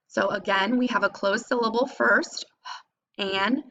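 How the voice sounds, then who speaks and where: Woman, teacher, phonics lesson for kids, patient, sounds out each syllable, gravelly edge. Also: mid-range voice, a little slow, a bit bright, muffled recording. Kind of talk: phonics lesson for young students.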